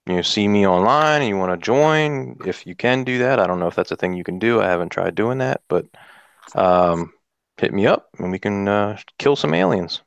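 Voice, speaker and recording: A man's voice: on the low side, expressive, gravelly, clear, resonant tone, dry recording, dull audio. A man co-hosting a casual podcast, hesitant and full of ums. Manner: slow, hesitant, many ums. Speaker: podcast co-host.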